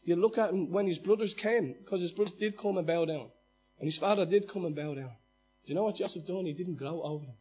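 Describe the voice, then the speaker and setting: A man, a pastor, preaching a sermon in an animated way, acting out quoted lines and swinging between loud and hushed delivery. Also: high-pitched, fast talker, slightly rough.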